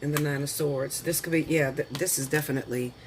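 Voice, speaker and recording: Chatty man reading tarot cards, high voice. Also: steady tone, noisy background. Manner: chatty and slangy, calls viewers honey and girl; lists the cards slowly, then talks them through. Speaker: tarot reader.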